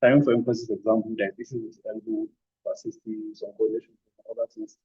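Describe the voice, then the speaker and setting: A man leads a hands-on physiotherapy demonstration, calling out brief commands between explanations. His voice is dark and husky, and the recording sounds dull and lo-fi in a teaching room. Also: on the low side, steady tone, quick pace. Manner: short commands mixed with explanations. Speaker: physiotherapy instructor. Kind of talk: hands-on demonstration with verbal cues.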